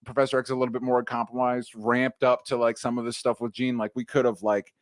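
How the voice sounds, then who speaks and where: A man co-hosting a casual podcast, recapping a film in a loose, relaxed way and swearing freely. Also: medium pitch, quick pace, no room sound, studio quality. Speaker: podcast co-host. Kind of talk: casual movie recap chat.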